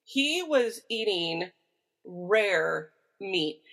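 A woman with a Midwestern American accent co-hosts a relaxed podcast. She talks in a chatty, animated way and keeps wandering into side notes. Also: mid-range voice, drawn-out words, vocal fry. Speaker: podcast co-host. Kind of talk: casual chat.

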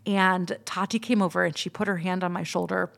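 Gravelly-voiced woman telling a story. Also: fairly low pitch, fairly even intonation, brisk, a bit bright. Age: 30s. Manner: candid, chatty, swears freely. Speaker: podcast host. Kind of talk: casual personal storytelling.

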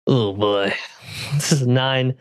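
A man's voice: mid-range voice, takes it slowly, clear, resonant tone, no room sound, clean studio sound. A man playing a tabletop game, describing his character's moves with gusto. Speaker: player. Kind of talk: casual tabletop game play.

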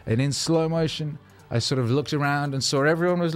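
A man's voice: a little high, a little fast, soft background music. A man, a rapper, telling rambling, self-mocking stories in a casual monologue, loose with fillers and swearing.

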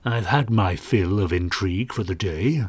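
Man putting on a puffed-up smug inspector, a bit higher than his own voice, husky. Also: animated, moderate pace, a bit bright, dry recording. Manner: puffed-up, condescending. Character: pompous, swaggering male police inspector.

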